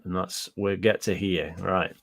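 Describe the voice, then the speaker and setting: A man's voice: low-pitched, fairly even intonation, a little slow, gravelly. A British man giving casual reaction commentary on gaming news, ranting and swearing, repeating himself and answering live chat.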